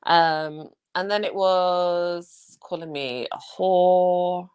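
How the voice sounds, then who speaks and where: A woman's voice: lowish voice, steady tone, drawn-out words, darkish tone, smooth. A woman with a South London accent in a blunt, profane casual chat, mimicking others as she talks. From England. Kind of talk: casual live-stream chat.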